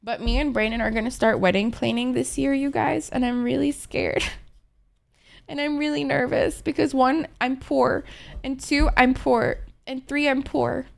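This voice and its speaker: A woman's voice: sits high, steady tone, moderate pace, gravelly. A young adult woman streaming, chatting casually with her viewers in a playful, rambling, profane way, often laughing.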